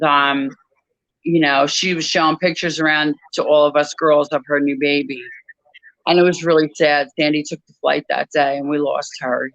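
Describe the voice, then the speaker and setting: A woman guest in an interview, telling a personal story in a measured, reflective way with frequent pauses. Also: deep voice, fairly bright tone, no room sound, dull audio. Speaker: author and guest.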